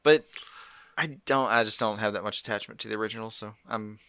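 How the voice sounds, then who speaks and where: A man's voice: on the low side, a little fast, no room sound, clean studio sound. A man co-hosting a film podcast, chatting casually and riffing on jokes. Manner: jokey, animated riffing. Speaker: podcast co-host. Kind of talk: casual chat.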